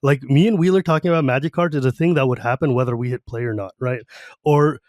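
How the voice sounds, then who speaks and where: A man's voice: mid-range voice, darkish tone, dry recording. Enthusiastic male podcast host, dry close sound. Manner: enthusiastic, fast-talking, full of "like" asides. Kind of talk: casual podcast chat.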